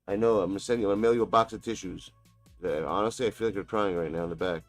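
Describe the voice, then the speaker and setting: A deep-voiced man taunts his online opponent through a live game, mocking and cursing in an easy trash-talking patter. His voice is close and dry, with faint music in the background. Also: racing, no room sound. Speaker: gaming streamer. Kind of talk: live gameplay trash talk.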